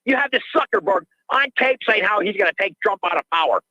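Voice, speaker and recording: A man's voice: high-pitched, animated, quick pace, pushed and bright, no room sound. An older man calling in to a radio show, ranting in an agitated way and repeating himself, heard through dull lo-fi call audio. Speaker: caller.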